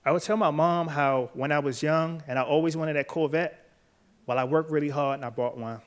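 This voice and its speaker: A man, earnest and measured, telling his own story on stage to an audience. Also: on the high side, fairly even intonation, clear, resonant tone. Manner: earnest, measured, quiet at emotional moments. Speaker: author and speaker. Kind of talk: personal storytelling talk, then interview answers. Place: event stage before a live audience.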